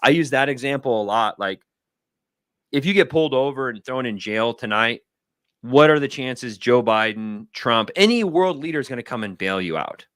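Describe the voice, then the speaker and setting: Man, thirties, casual storytelling, rambling, animated, mid-pitched voice, dry close sound. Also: normal speed, clear, resonant tone, dry recording. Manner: rambling, animated, acts out friends' lines in a higher voice. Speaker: guest. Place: home studio.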